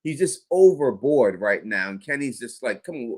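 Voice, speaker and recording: A man co-hosting a TV episode discussion, speaking in an animated way and thanking viewers by name. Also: medium pitch, normal speed. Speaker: podcast co-host.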